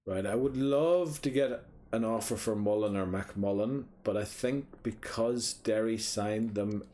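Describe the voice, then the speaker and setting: A man's voice: lowish voice, measured pace, dark tone. A young man in casual gameplay commentary, muttering to himself, thinking aloud and swearing mildly as he plays. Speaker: gaming streamer.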